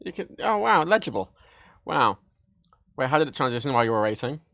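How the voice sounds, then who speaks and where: A man hosting a livestream from his desk, chatting casually and excitedly while he jokes and rambles through a show-and-tell. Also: medium pitch, a little fast, gravelly, no echo, clean studio sound. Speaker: livestream host. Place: home desk setup.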